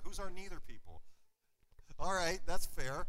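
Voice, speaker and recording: A man's voice: a little high, moderate pace, poor audio. A man preaching a sermon to his congregation, asking them questions and joking with them. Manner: lively, engages congregation with questions and humor. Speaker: pastor. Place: church sanctuary.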